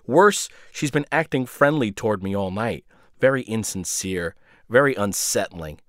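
A man's voice: lowish voice, expressive, moderate pace, fairly bright tone, dry recording, clean studio sound. A man narrating a first-person story in a sardonic, biting way.

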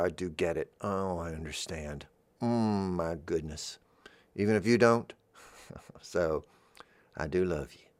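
Low-voiced man musing on the radio. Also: dry recording. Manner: rambling, gentle, musing. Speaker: radio host. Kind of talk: freeform radio monologue. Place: radio studio.

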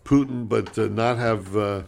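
A man hosting a comedic call-in radio show, joking deadpan and pausing on fillers as he talks. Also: on the low side, gravelly, slight background noise. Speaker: radio host.

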